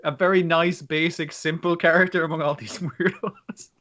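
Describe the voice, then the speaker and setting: A man co-hosting a podcast, discussing an anime episode in a relaxed, amused way, with plenty of ums and small pauses. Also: a little high. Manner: relaxed, amused, hesitant with fillers. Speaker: podcast co-host. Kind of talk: casual anime recap chat.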